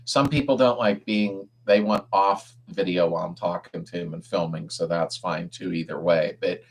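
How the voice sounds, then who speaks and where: His voice sits low and husky, with fairly even intonation and a moderate pace. This middle-aged live-stream host reads out viewer comments and fields car repair questions in an easygoing manner, chuckling often.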